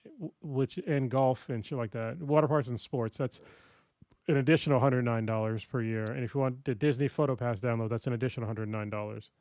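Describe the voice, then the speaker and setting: A man's voice: mid-range voice, steady tone, a little fast, a little mellow, dry recording. Dry-voiced man in casual podcast chat. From California. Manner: swears often, reads prices aloud in disbelief. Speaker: podcast co-host.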